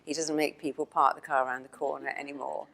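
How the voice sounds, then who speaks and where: A woman with an English accent speaks from a stage in a fairly low voice. She tells her stories in an animated way and acts out the dialogue as a motivational speaker. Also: quick pace, creaky. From England. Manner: animated storyteller acting out dialogue. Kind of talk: storytelling keynote talk. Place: stage before an audience.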